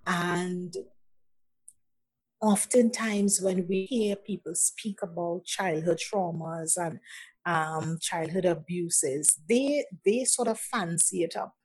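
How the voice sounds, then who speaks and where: Slow, husky Nigerian-born woman. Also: on the low side, a little mellow, low-quality recording. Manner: slow and halting, with many restarts and repeated words. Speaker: interview guest. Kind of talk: personal testimony.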